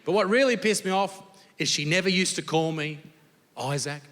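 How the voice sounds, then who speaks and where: Brash Australian comedian in a hall. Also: male voice, on the high side, normal speed, fairly bright tone. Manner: crude, brash storytelling with swearing. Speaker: stand-up comedian. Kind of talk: stand-up comedy set. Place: comedy venue with live audience. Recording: live hall reverb, faint noise.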